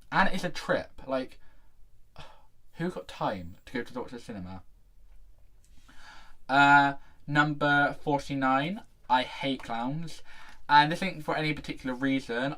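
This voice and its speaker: A man's voice: medium pitch, fairly bright tone. Young English guy, chatty camp vlogger talking to camera. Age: young adult. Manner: chatty, camp, jokey asides. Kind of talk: casual to-camera vlog.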